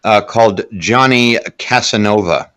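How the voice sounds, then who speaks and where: A man co-hosting a film podcast, recapping plots in a halting way with dry jokes. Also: lowish voice, a bit bright, clean tone. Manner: halting, many fillers and restarts, dry jokes. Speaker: podcast co-host. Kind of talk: casual film review chat.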